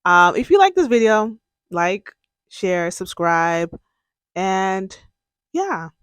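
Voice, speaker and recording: Give me a young adult host telling their own story in a candid, emotional way, with a voice of ordinary middle pitch. They often act out what they said back then. The sound is dry and close, with no room echo. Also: sing-song, slow pace, a bit bright, clear, resonant tone. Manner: candid and emotional, breaks into laughs and tears; relives moments by quoting their own past words. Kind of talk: casual personal storytelling.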